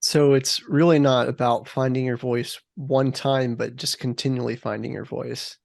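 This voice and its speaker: A woman's voice: extremely low pitch, steady tone, normal speed, vocal fry, a little mellow, no room sound, studio quality. A woman hosting an interview who hesitates and searches for words as she asks questions. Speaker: interview host. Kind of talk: casual interview.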